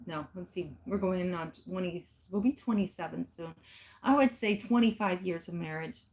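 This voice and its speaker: A woman's voice: lowish voice, normal speed, a little mellow. Middle-aged woman telling a story emphatically. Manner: emphatic, addresses viewers directly. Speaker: fitness vlogger. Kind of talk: casual storytelling chat.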